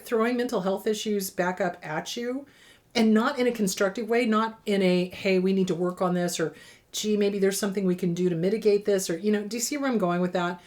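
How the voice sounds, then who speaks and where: Middle-aged woman therapist-host, emphatic advice talk, lively swooping pitch. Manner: emphatic, repeats words for stress. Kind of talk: direct-to-camera advice talk.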